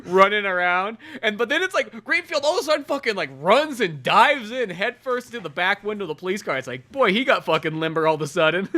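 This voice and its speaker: A man's voice: sits high, sing-song, fast talker, pushed and bright. A man co-hosting a casual podcast, retelling film scenes with lots of swearing and laughter. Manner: laughing storyteller, swears a lot, acts out scenes. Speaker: podcast co-host. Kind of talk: casual movie review chat.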